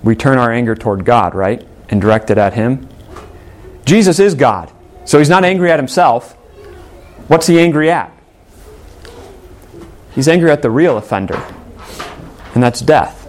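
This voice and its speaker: A man's voice: mid-range voice, moderate pace, long pauses. Earnest male pastor preaching a sermon. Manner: earnest preaching, reads scripture aloud, rhetorical questions.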